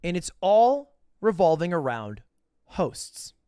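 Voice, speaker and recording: A man's voice: high-pitched, big pitch swings, slow pace, warm tone, clear, resonant tone, no echo, clean studio sound. A man telling a casual, profane, self-mocking story as a podcast host.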